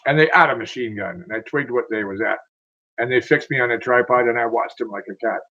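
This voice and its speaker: A man's voice: mid-range voice, fairly quick, pushed and bright, highs cut off. A man reading as a wounded soldier recalling battle. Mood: grim. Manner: rhythmic verse recitation. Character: wounded male soldier telling his war story.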